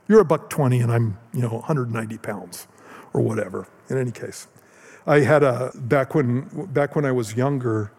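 A middle-aged man delivers a conversational sermon in an easygoing storytelling manner, often doubling back on his words. His voice sits at an ordinary middle pitch. The sound carries a long reverb from a church hall. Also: darkish tone. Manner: casual, storytelling, repeats words as he talks. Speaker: pastor.

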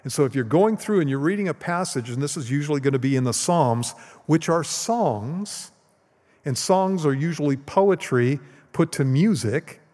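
Male pastor, conversational teaching sermon, slightly raised pitch, long church-hall reverb. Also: animated, normal speed, darkish tone. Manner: conversational, rhetorical questions to the congregation. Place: church sanctuary.

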